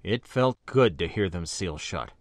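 A man's voice: sits low, lively intonation, unhurried, no room sound. A man narrating a science fiction story in the first person. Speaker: audiobook narrator.

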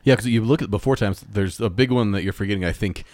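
Low-voiced joking male podcast host. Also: fast, darkish tone, dry recording. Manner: joking, laughs often, reads facts aloud. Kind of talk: casual chat.

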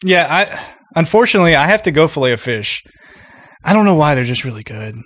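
A man's voice: fairly high pitch, very animated, fairly quick, a bit bright, no echo. A young man co-hosting a podcast, joking and rambling in casual chat, laughing often. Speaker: podcast co-host.

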